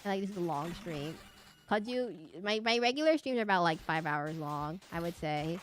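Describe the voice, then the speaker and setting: A woman's voice: fairly low pitch, animated, normal speed, slight background noise. A young woman chatting casually while streaming a game, rambling and giggling with lots of restarts and asides.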